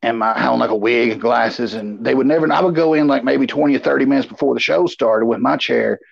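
Male co-host, husky, rambling storyteller, close and dry. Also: medium pitch, fast talker, dry recording. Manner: rambling and animated, with lots of "you know". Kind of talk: casual storytelling chat. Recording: slightly dull, lo-fi sound.

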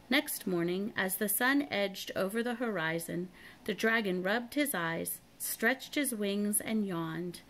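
A woman reading a children's chapter book aloud, in a calm and even storytelling voice. Her pitch sits in an ordinary middle range. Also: slow pace, a little hiss or hum. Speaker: storybook reader.

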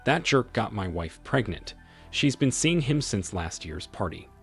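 A man's voice: on the low side, very animated, measured pace, husky, faint music behind, heavily acted. A man voicing an upset, bitter middle-aged husband in an agitated way, in a storybook reading. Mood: outraged. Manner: agitated, raises voice.

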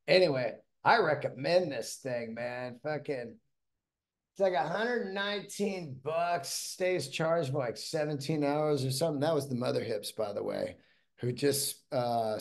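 A man hosting his own podcast solo, rambling along in a casual, profane, enthusiastic way. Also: mid-range voice. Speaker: podcast host.

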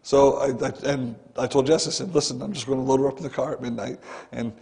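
A man's voice: medium pitch, fairly even intonation, fast talker, gravelly, dark tone. A male pastor preaching a sermon in a church, earnest and conversational, often breaking in with "listen.". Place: church sanctuary.

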